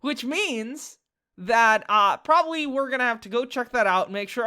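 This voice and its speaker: A woman giving casual, excitable commentary while playing a detective game, swearing freely and reasoning out loud. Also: fairly high pitch, normal speed, clear, resonant tone. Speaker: let's play gamer.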